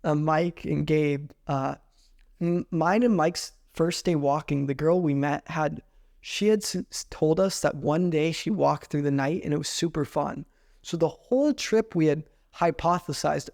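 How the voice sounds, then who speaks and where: A man in his twenties, a podcast host, tells a story in a casual, animated way and says "like" often. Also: on the high side, unhurried. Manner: animated, heavy use of "like".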